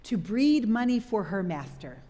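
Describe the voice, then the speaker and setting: In a hall with long reverb, a middle-aged woman preaches to a live audience at medium pitch and normal speed. Her sermon is an animated story, and she quizzes those listening.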